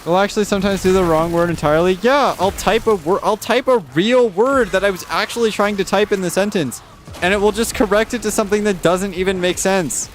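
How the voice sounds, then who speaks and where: Reading chat during a live stream, a man rants casually and swears often, his pitch climbing with exasperation. His pace is brisk, and faint music plays in the background.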